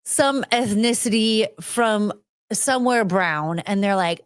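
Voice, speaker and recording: A woman's voice: medium pitch, slow, clear, resonant tone, dry recording, studio quality. A woman hosting a podcast in casual chat, ranting, rambling and swearing freely. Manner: rambling, loses her train of thought. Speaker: podcast host.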